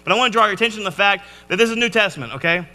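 An animated man gives a youth sermon, his voice high and bright. He jokes with the room and acts out the scenes he reads. The sound carries a long echo from the church hall. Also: very fast. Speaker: youth pastor. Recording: echoey hall.

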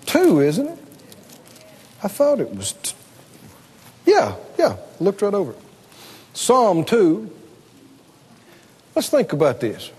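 High-pitched male preacher, slow and animated, questioning the congregation. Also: breathy edge, in a large hall. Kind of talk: sermon.

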